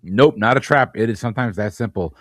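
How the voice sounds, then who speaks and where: A man hosting a trivia game, reading questions briskly and teasing the players. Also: lowish voice, no room sound. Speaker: quizmaster.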